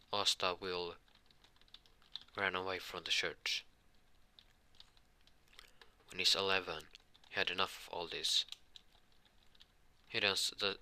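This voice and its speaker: A man retelling a fan story in a halting, casual way full of fillers and restarts. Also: low-pitched, bright, forceful tone, clear, resonant tone.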